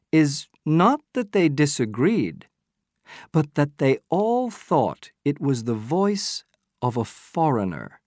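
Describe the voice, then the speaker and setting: A man voicing a sharp-minded male detective who explains his deductions patiently and emphatically, asking probing questions, in an audiobook reading. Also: medium pitch, dry recording, studio quality.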